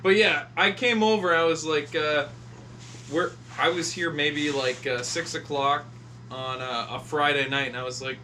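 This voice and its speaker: Man, fairly high voice, bright and forceful, excitable, profane, faint background noise. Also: unhurried. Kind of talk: casual chat.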